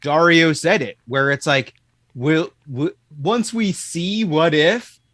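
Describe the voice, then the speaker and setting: A man's voice: a little high, takes it slowly, fairly bright tone, no echo, clean studio sound. A man hosting a casual chat, talking loosely and filling his sentences with "like". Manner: chatty, fills with "like".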